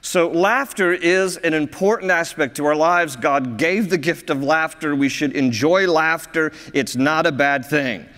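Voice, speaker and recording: A man's voice: fairly high pitch, unhurried, hardly any pauses, a bit bright. A male pastor preaching a sermon, a jovial storyteller who often laughs at his own stories. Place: church sanctuary. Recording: reverberant church hall.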